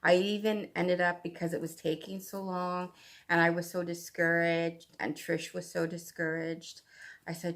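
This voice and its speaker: Canadian lady rambling about her stitching stuff, lowish gravelly voice, takes her time. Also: little pitch movement, unhurried, fairly bright tone. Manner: chatty and rambling, with fillers and asides. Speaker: cross-stitch vlogger. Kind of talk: casual chat.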